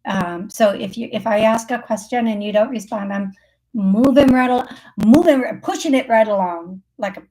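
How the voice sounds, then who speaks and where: A woman's voice: on the high side, moderate pace, warm tone, slight background noise. A woman hosting a call-in show as a psychic medium. She talks in a chatty, rambling way, with lots of fillers and self-corrections, and laughs often. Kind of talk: casual live call-in readings.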